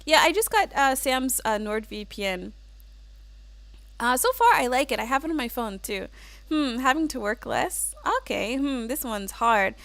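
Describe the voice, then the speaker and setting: A woman's voice: on the high side, animated, a little slow, a bit bright, dry recording. A woman hosting a casual livestream, chatting and giggling as she reads out viewer comments with plenty of "like" and "um.". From United States. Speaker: livestream host.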